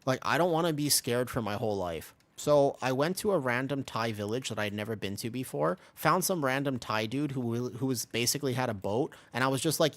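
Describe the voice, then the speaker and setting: A man's voice: medium pitch, brisk, hardly any pauses, no echo. A man in his twenties chatting casually while he plays a game on stream, telling a rambling story between callouts. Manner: rambling storyteller, animated voices when quoting. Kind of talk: casual gaming stream chat.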